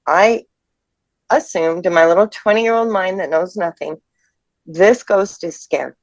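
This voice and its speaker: A woman's voice: on the low side, no room sound. Tearful woman in her fifties. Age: 50s. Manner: halting, emotional, restarts mid-sentence. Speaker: person sharing a ghost experience. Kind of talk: personal storytelling. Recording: dull lo-fi dry audio.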